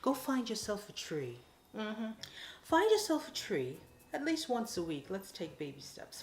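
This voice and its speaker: Playful coaxing woman in an echoey room. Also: lowish voice. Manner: coaxing and playful, calls viewers darlings and honey. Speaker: motivational vlogger. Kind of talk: direct-to-camera motivational talk. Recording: echoey room with faint music.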